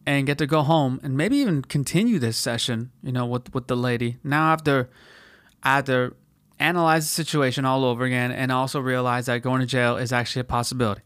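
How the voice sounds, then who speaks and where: A man's voice: mid-range voice, quick pace, a bit bright, dry recording, clean studio sound. A man hosting a podcast, telling a story in a casual, profane, slangy way and acting out quotes in put-on voices. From United States. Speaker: podcast host.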